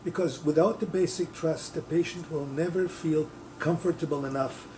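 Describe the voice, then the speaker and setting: Man, workshop participant, earnest and hesitant, a bit high, mellow tone. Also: moderate pace, slight background noise. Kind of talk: question from the floor.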